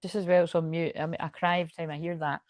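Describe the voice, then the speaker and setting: Scottish lady doing a tarot reading, rambly and sweary, lowish voice, dry sound. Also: level tone, racing, a little mellow, no echo. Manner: rambling, chatty, swears freely, laughs often. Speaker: tarot reader. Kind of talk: casual tarot reading to camera.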